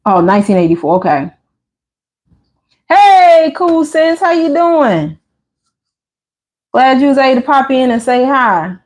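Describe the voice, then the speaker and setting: A woman's voice: high-pitched, a little slow, pauses often. Chatty woman livestream host telling stories. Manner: chatty storytelling with lively voiced asides. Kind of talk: casual chat reading live comments.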